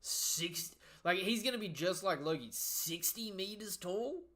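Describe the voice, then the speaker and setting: An excitable young man reacts live, full of slang and cutting himself off mid-thought. His voice sits a bit high and rings bright and forceful, and his delivery comes in quick bursts. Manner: excitable, slangy, breaks off and restarts mid-sentence. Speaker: manga reaction host.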